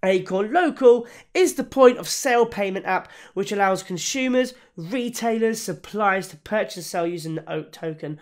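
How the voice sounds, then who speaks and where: A YouTuber talking casually through a crypto project review, with many fillers, restarts and self-corrections, and bouts of hiccups. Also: male voice, high voice, moderate pace, hardly any pauses. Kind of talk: casual spoken review to camera.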